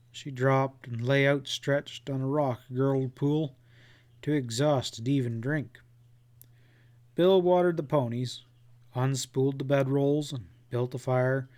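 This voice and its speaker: Male narrator, western audiobook, slow pace, mid-pitched voice. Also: fairly even intonation, a little mellow. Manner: measured storytelling reading.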